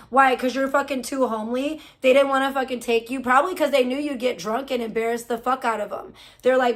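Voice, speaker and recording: A woman's voice: fairly high pitch, normal speed. A woman livestreamer in casual talk, profane and gossipy, venting at length about other streamers.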